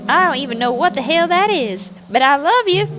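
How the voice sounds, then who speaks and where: A woman's voice: sits high, expressive, a little fast, background noise, pitched above the performer's own voice. Woman doing a chirpy Southern country daughter. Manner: bright, chirpy letter-reading drawl. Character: cheerful young country daughter writing home.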